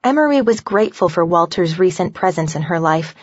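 A woman narrating an audiobook in an even, measured reading. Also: on the low side, no echo, dull audio. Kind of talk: scripted narration.

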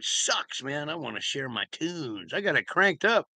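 A man chats to his stream viewers in a loud, profane way from a room at home. His voice is bright and forceful and sits a little high for a man. The sound is dry and close. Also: sing-song, normal speed, dry recording. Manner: loud, profane, greeting chat by name. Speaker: livestreamer. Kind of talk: casual livestream chat with viewers.

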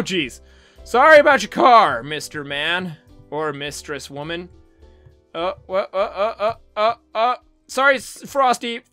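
A man hosting a gaming channel, giving excitable, goofy let's-play commentary full of exclamations and silly noises. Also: high voice.

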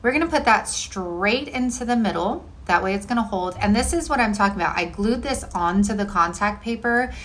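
A woman's voice: mid-range voice, lively intonation, a little fast, hardly any pauses, fairly bright tone. A woman talking through a home decor craft project in a chatty, bubbly voice-over full of "like" and "um". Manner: chatty, bubbly, filler-heavy with lots of "like". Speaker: DIY home decor creator. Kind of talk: casual crafting voice-over tutorial.

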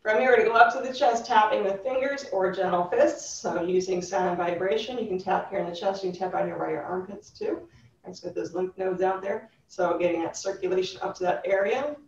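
A woman teaching a gentle chair yoga class, cueing breaths in a calm, instructive way. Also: mid-range voice, a little fast. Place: yoga studio room, recorded live. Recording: roomy, distant, dull live class recording.

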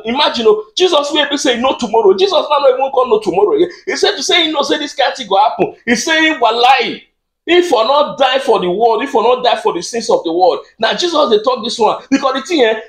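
A man with a Nigerian accent doing a rambling comic monologue, speaking excitably and stammering through repeated words. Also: very high-pitched, roomy sound. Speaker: comedian.

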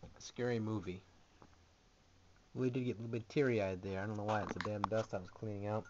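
A man's voice: fairly low pitch, steady tone, fairly quick, a little mellow, a little hiss or hum. Rambling young man with lo-fi audio. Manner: rambling, jokey and sarcastic. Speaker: vlogger. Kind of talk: casual home video tour. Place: small gaming closet indoors.

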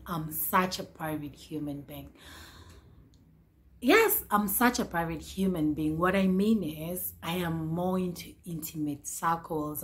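A woman in her twenties chatting to camera as a vlogger, excitable and repeating her phrases. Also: fairly low pitch. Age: 20s. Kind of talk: casual chat to camera.

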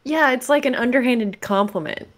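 A woman's voice: on the high side, moderate pace, slight background noise. A young woman streaming a game with friends, laid-back and laughing often. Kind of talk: casual chat.

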